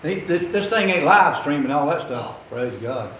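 A man's voice: on the high side, animated, moderate pace, very noisy. Older man, preacher, folksy rambling sermon, echoey hall. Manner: folksy, rambling storytelling with repeated phrases.

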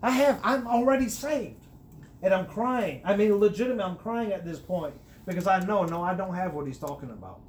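A middle-aged man with a high voice tells his life story in an earnest, conversational way, restarting his sentences often. He grows animated when he stresses a point. A faint hiss sits under the recording. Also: fast, few pauses. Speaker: guest sharing his testimony. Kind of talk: personal testimony, conversational.

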